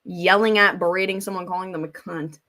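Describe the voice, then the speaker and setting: A woman hosting casual reaction commentary, talking bluntly in a rambling way and swearing freely as she pauses a clip to weigh in. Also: on the low side, fairly even intonation, bright, forceful tone. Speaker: commentary host.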